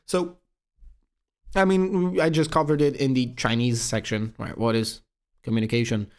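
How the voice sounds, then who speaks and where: A young man hosting a self-improvement video, talking fast and casually with lots of swearing, calling the viewer bro. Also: mid-range voice, flat delivery. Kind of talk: casual monologue to camera.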